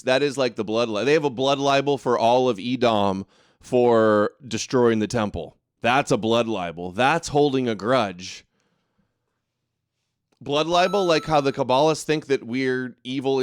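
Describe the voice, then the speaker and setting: This livestream host speaks in an unhurried, clean mid-range voice. On his casual political commentary show, he mocks and scoffs, reads viewers' comments aloud, and launches into indignant rants.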